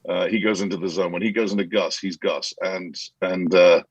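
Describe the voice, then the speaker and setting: Man, low husky voice, dry recording, interview guest, animated storytelling. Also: brisk, no room sound, lo-fi sound. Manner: animated anecdotes, many restarts, acts out quotes. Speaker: actor guest.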